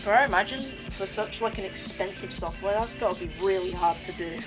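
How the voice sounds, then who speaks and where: A woman's voice: mid-range voice, brisk. Young adult woman, game streamer, casual slangy chatter, game music playing behind. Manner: slangy, rambling, talks to chat. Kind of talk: casual live-stream chat while gaming.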